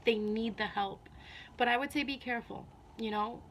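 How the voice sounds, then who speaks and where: Woman vlogger, fairly high voice, earnest and heartfelt, slightly emotional, faint background hiss. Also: moderate pace, fairly bright tone. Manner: earnest, repeats herself, many "you know"s. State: a little emotional. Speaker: spiritual vlogger. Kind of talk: casual heartfelt talk to camera.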